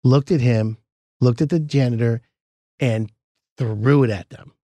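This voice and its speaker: A man's voice: mid-range voice, measured pace, mellow, no echo. A man co-hosting a podcast, telling a story in casual chat and acting out the other people's voices as he goes.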